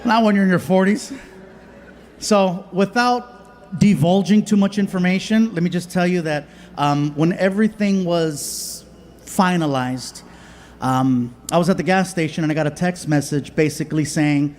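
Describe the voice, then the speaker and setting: A high-voiced man in his forties tells stories on a stand-up stage, animated and expressive, sometimes dropping into a quieter confessional tone. His handheld mic picks up the long reverb of a large theater with a faint background hum. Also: moderate pace. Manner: animated storytelling, turning subdued and confessional. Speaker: stand-up comedian. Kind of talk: stand-up storytelling.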